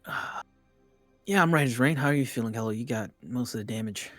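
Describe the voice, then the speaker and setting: Very low-voiced woman player. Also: a little fast, dry recording, soft background music. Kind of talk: casual tabletop role-play.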